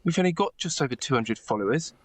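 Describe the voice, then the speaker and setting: A man co-hosting a casual podcast who talks fast and in a sheepish, joking way. His mid-range voice is recorded dry, with no room echo. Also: mid-range voice, animated. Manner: quick, sheepish, jokey. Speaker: podcast co-host.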